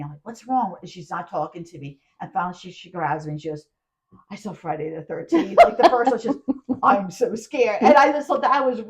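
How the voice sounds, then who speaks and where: A woman co-hosting a casual podcast chat, telling animated stories with frequent laughs. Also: medium pitch. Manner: animated storyteller, laughs often. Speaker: podcast co-host. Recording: dull lo-fi sound.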